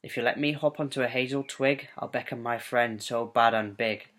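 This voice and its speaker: A man voicing a small, clever male mouse from a storybook, calm and matter-of-fact. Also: medium pitch, moderate pace, lightly acted.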